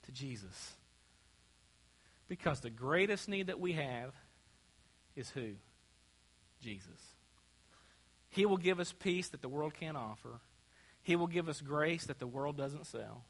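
A man's voice: fairly high pitch, animated, measured pace, long pauses. A man preaching a sermon in a church, asking the congregation to call out answers. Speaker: pastor. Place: church sanctuary. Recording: long church hall reverb.

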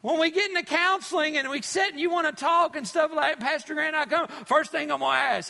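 A man's voice: very high voice, brisk, gravelly, few pauses, pushed and bright. A male pastor preaching a sermon, hammering home words by repeating them, with frequent fillers. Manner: preachy, repetitive emphasis with many fillers. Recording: long hall reverb.

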